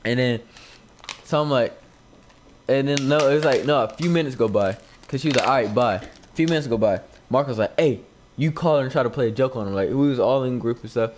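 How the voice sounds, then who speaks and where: A man's voice: medium pitch, brisk, a little mellow, a little hiss or hum. A young man, a gaming YouTuber, telling a casual story into a new microphone. He rambles, fills his talk with "like", and acts out the quoted lines. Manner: rambling, heavy on "like" fillers. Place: at home, streaming live while gaming. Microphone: new desk microphone.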